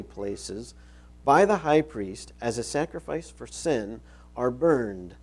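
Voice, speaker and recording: A middle-aged pastor delivers a sermon, reading scripture aloud and repeating key phrases to drive them home. His mid-range voice is gravelly-edged with a dark, mellow tone, animated yet unhurried.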